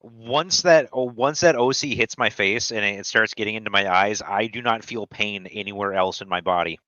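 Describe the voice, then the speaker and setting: A man's voice: fairly low pitch, moderate pace, bright, forceful tone, no room sound. A middle-aged man who trained in law enforcement, telling army and police stories in a matter-of-fact, casual way. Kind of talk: casual profane chat. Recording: dry dull lo-fi sound.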